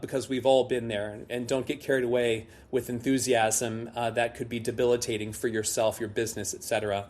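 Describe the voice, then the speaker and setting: A man's voice: medium pitch, little pitch movement, fairly quick, hardly any pauses, darkish tone. A man, middle-aged, a guest telling a long self-deprecating story in a rambling casual way with many restarts. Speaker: guest, liqueur brand founder.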